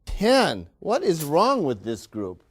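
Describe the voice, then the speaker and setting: A man's voice: a little high, wildly swooping pitch, takes it slowly, slightly rough, heavily acted. Man playing a pompous, cheery factory boss. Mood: scolding. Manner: falsely cheerful, condescending and scolding. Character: pompous, patronizing male factory manager. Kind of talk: classroom role-play demonstration.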